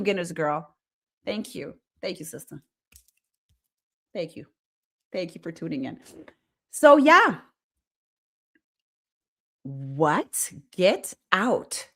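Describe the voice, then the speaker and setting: Excitable chatty woman hosting a live stream. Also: on the low side. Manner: chatty and excitable, reads viewer comments aloud. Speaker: host. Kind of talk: casual live-stream chat. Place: Montreal.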